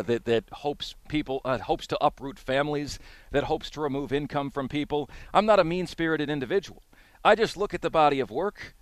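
A man's voice: on the high side, smooth, dry recording. Emphatic male sports radio host. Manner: emphatic, repeats his points for emphasis. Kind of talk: sports talk radio monologue.

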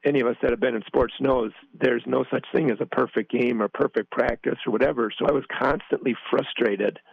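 A man's voice: medium pitch, steady tone, fairly quick, vocal fry, husky, no echo. A man calling in as a guest, speaking earnestly and hesitantly with many fillers. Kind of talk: conversational interview. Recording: tinny phone line.

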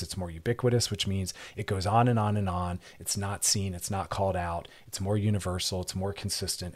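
A man's voice: low-pitched, slightly rough. A man hosting a radio advice show as a therapist, speaking earnestly and emphatically, often repeating words for stress. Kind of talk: advice talk show monologue.

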